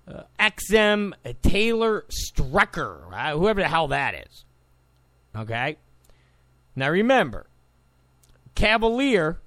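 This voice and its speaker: A man's voice: high voice, gravelly, fairly bright tone, no echo. A man delivering a combative, sarcastic political monologue, repeating points for emphasis. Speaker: political commentator. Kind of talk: opinionated monologue.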